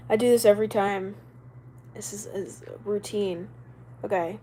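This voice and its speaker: A young woman chatting loosely on a live stream in a rambling, animated way, with reactions to viewers' comments. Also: medium pitch, a little slow, a little hiss or hum, rough recording. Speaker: livestreamer. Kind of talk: casual live-stream chat.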